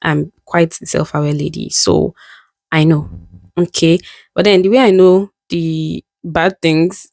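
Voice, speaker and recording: Low-voiced, gravelly young woman vlogger. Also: level tone, unhurried, darkish tone, no echo. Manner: candid, musing, laughs at herself. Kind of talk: reflective casual monologue.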